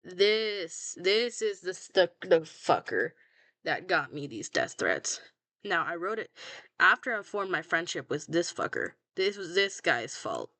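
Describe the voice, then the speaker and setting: A woman's voice: on the low side, very animated, unhurried, pushed and bright, dry recording. A young woman chatting casually about her own fan fiction, blunt and self-mocking, swearing freely and laughing at herself. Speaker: fanfiction writer scrolling her own archive.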